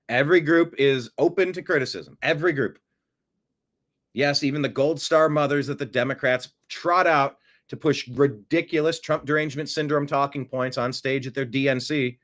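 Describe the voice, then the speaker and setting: A man's voice: mid-range voice, a bit bright. A man hosting casual political commentary, sarcastic, and mocking his critics with put-on gasps and voices. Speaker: host.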